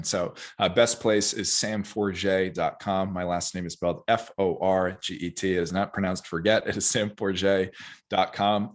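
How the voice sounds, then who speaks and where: A man speaking as a guest nutrition coach on a podcast, talking energetically and with emphatic asides. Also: deep voice.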